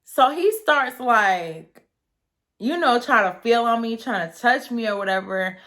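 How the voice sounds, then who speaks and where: A young woman telling a casual story to her viewers, chatty and animated, acting out the quotes and laughing often. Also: fairly high pitch, a little slow.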